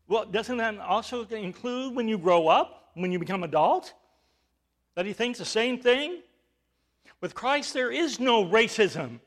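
A man's voice: sits high, animated, unhurried, fairly bright tone. A male pastor preaching a sermon, emphatic, with rhetorical questions and rising bursts of volume.

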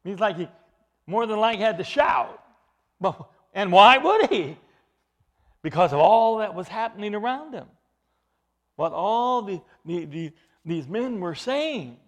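A man preaching an expository sermon, emphatic, with his voice rising into loud bursts. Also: high-pitched, lively intonation, measured pace, pauses often.

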